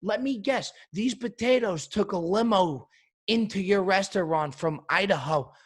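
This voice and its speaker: A man's voice: sits high, measured pace. A man hosting a comedy podcast, delivering an exasperated, indignant rant.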